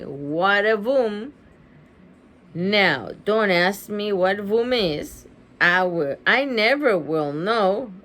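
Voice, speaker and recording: A woman reading a picture book aloud with animated, chatty asides, gasping and laughing as she goes. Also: a little high. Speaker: reader.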